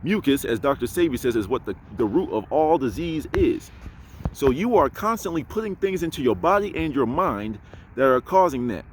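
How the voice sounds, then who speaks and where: A self-assured man speaks bluntly and preachily in a casual monologue, with his pitch sitting in a middle register. He is recorded outdoors in an urban spot, and a faint hum of outdoor noise runs underneath his voice. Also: big pitch swings, normal speed. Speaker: spiritual vlogger.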